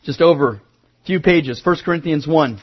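A male pastor preaching a sermon, moving from quiet asides to emphatic raised declarations. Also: fairly high pitch, normal speed, breathy edge, lo-fi sound.

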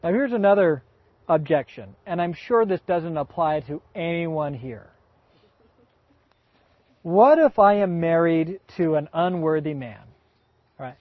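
A man's voice: on the high side, animated, a little slow, long pauses, dry recording. A man preaching a folksy, emphatic sermon full of rhetorical questions, in a dull, dry recording.

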